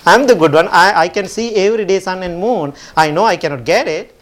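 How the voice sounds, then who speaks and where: A calm heavenly being, once the father's son, who calmly makes his point, as a man tells it in a sermon. The voice is slightly high, steady and instructive. It stays close to the storyteller's own voice. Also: brisk, natural voice. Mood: wise.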